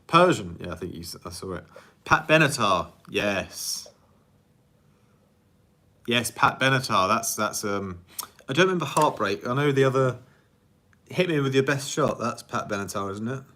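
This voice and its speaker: A music producer hosts a casual livestream Q&A, chatting and rambling through viewer questions at normal speed in an animated way. His voice is on the low side yet bright and forward, and he laughs often and pokes fun at himself.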